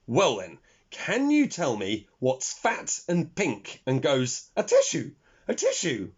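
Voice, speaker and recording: A man voicing a gentle storybook character who has suddenly become clever, mildly sly. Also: fairly high pitch, huge pitch swings, slow, breathy edge, full character voice. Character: gentle, newly clever Mr Dizzy. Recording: dull lo-fi recording.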